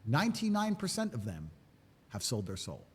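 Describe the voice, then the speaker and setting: A man lectures forcefully on a podcast, pressing his point again and again. His husky voice rises and falls with energy, and a long reverb from the room hangs behind it. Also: medium pitch, wildly swooping pitch, normal speed. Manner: forceful, preachy and insistent. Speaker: podcast guest. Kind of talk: podcast interview.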